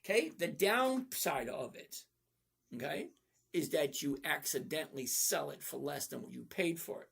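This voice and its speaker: A man's voice: fairly high pitch, lively intonation, moderate pace, vocal fry, fairly bright tone, slightly rough. A middle-aged man hosting a live stream, answering viewer chat in a blunt, folksy, casual way. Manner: blunt, folksy, often asks okay?. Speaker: livestream host answering viewer chat about trading.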